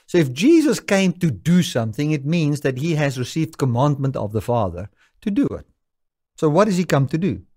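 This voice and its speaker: A man's voice: fairly high pitch, a little mellow. A man preaching a sermon, quoting scripture with emphatic rises and falls. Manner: emphatic, rising and falling with scripture quotes.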